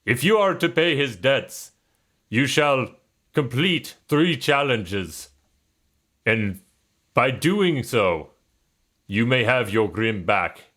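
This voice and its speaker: A man voicing a booming, pompous yule spirit who holds a captive, in a put-on Russian accent. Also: slow pace, sharp tone.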